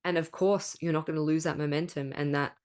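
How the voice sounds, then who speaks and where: A woman's voice: low-pitched, fairly even intonation, fairly quick, a little mellow. A woman hosting a spiritual podcast in a casual monologue, candid and emphatic, swearing freely and often tagging thoughts with "right?". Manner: spiritual coaching talk, rhetorical "right?". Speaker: podcast host.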